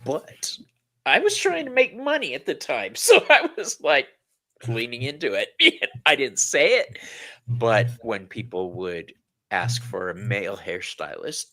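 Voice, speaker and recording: A man hosting a casual chat, candid and quick to laugh, swearing casually as he talks. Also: medium pitch, big pitch swings, a bit bright. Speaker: host.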